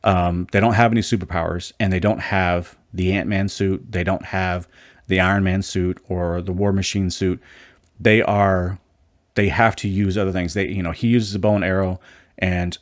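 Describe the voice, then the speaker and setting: A man's voice: sits low, steady tone, normal speed, dry recording. A man casually reviewing a TV episode, rambling with many restarts, frank and mildly exasperated. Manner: rambling, frequent restarts and filler. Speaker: show reviewer.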